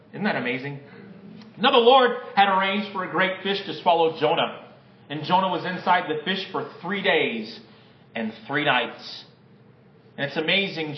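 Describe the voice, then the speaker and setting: A man preaching a sermon and reading scripture aloud, with dramatic swings between loud, raised lines and low, hushed ones. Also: roomy sound, highs cut off. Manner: dramatic, varies pitch and loudness, drops low and quiet for emphasis. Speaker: pastor.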